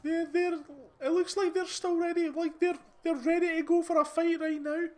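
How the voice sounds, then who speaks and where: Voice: very high-pitched, little pitch movement, normal speed, darkish tone. A host with a Scottish accent giving casual, rambling commentary over gameplay, chatty and full of restarts. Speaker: gaming channel host.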